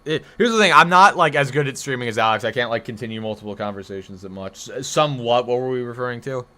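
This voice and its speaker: This northeastern United States man chats fast and casually on a live stream, rambling and self-correcting as he responds to messages in the chat. His voice is mid-range, bright and forward.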